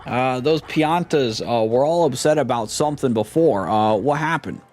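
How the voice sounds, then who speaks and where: A man's voice: mid-range voice, moderate pace, darkish tone. A young man casually commenting while playing a video game, joking and rambling with lots of slang. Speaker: gaming streamer. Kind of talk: casual let's play commentary. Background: game music.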